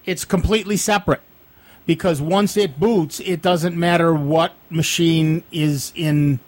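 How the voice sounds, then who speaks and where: A male radio host with a slightly high voice chats through tech advice on a call-in show. He explains things at length and fills pauses with plenty of ums. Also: steady tone. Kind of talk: casual radio call-in chat.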